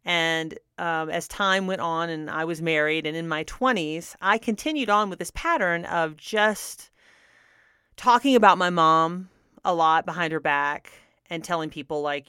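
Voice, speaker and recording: A woman's voice: lowish voice, measured pace, bright, forceful tone, clean tone, no echo, studio quality. A middle-aged woman radio host telling a personal story in a candid, earnest way, laughing now and then. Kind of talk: personal testimony talk.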